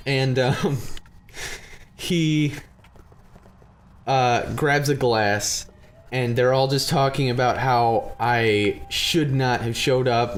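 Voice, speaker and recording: A young man casually telling a funny story on a podcast, animated and often laughing. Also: medium pitch. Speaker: podcast host.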